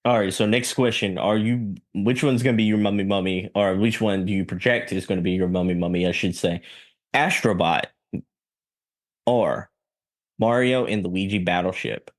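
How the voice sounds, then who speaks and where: A man talking casually about games as a podcast guest, relaxed, often saying "like". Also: fairly low pitch, moderate pace. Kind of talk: casual gaming chat.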